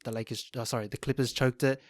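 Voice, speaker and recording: A man co-hosting a sports podcast, talking in a measured way with frequent pauses and restarts. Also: medium pitch, fairly even intonation, no room sound, studio quality. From Australia. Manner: measured, hesitant, lots of ums and restarts. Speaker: podcast co-host. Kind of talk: casual chat.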